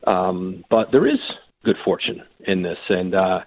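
A lower-voiced man with a husky, slightly rough tone, heard over a thin, tinny phone line. He tells anecdotes in an animated way and keeps restarting his sentences. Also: a little slow, no echo. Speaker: sports reporter guest. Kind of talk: conversational storytelling.

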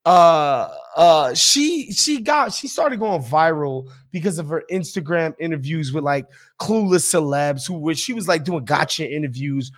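A man's voice: on the high side, lively intonation, a little slow, hardly any pauses. A man hosting a podcast, ranting in casual, profane, emphatic talk. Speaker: podcast host. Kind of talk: casual opinionated chat.

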